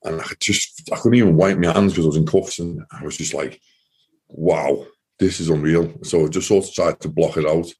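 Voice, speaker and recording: A man with a deep, husky voice tells his story in a loose, rambling way. His tone is mellow and dark, and "you know" fills many of his sentences. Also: fairly even intonation, moderate pace. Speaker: interview guest. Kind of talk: casual storytelling.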